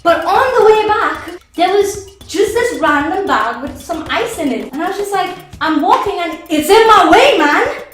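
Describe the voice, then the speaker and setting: A woman's voice: extremely high pitch, expressive, moderate pace, fairly bright tone, far from the mic. A young Trinidadian woman telling a funny story to camera, acting out the voices of friends and herself. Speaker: vlogger. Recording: very echoey room with faint music.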